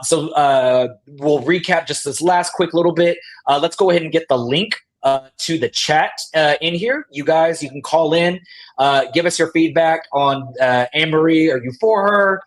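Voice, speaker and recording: Man, slightly high voice, casual TV recap, animated, acts out quotes. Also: moderate pace. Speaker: podcast host.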